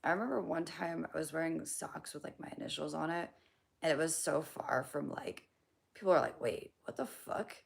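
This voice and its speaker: A young woman, hoarse from losing her voice, hosts a casual livestream and answers chat in a low-pitched, brisk voice. She rambles, swears and laughs at her own jokes.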